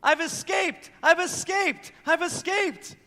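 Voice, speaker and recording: A man putting on an excited little boy who squeals his lines high and loud. The bright, piercing shouts ring through a roomy church hall. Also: a little slow. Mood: gleeful.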